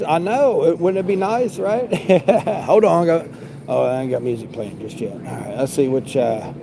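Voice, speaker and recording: A man with a highish voice and some vocal fry chats casually with a live audience while picking a shopping order in a big store, joking and sounding mildly exasperated. He's a livestreaming grocery shopper, and the background is noisy.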